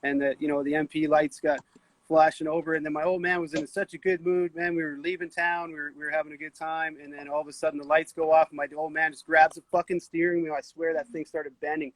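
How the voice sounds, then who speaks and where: A man's voice: a little high, fast, no room sound, low-quality recording. Blunt, swearing man telling stories. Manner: profane, blunt, animated storyteller. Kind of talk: casual storytelling.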